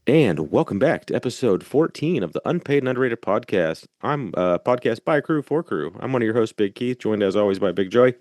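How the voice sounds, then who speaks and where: A man's voice: on the low side, animated, a little fast, few pauses, a little mellow. A man hosting a podcast over a video call, introducing a guest in a laid-back, casual way. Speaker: podcast host. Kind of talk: casual chat.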